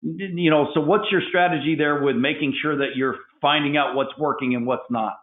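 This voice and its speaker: Man, webinar host, enthusiastic, repeats himself, slightly higher voice, phone-like echoey audio. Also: steady tone, moderate pace. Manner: enthusiastic, repeats words when rephrasing. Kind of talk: interview questions.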